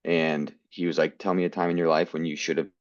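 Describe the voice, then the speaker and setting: Man, very low voice, american, earnest storyteller, muffled lo-fi sound. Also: little pitch movement, a little fast, dry recording. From United States. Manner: earnest, quotes people in his stories. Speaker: guest actor. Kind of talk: storytelling interview.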